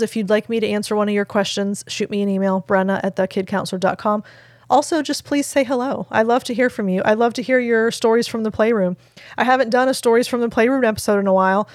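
A woman's voice: mid-range voice, no room sound, studio quality. A woman who hosts a podcast, giving earnest, emphatic instruction to fellow play therapists.

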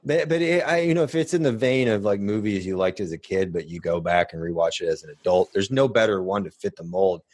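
Low-pitched guy rambling through a casual podcast chat, dry close sound. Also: a little fast, hardly any pauses, no room sound. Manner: rambling, restarts, animated storytelling. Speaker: podcast co-host.

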